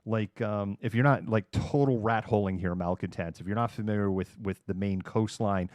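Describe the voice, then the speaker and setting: A man's voice: on the low side, normal speed, darkish tone, dry recording. A middle-aged man from Massachusetts, hosting a livestream in casual, sarcastic chat. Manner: chatty, sarcastic, acts out quoted people. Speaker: livestream host. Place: home room.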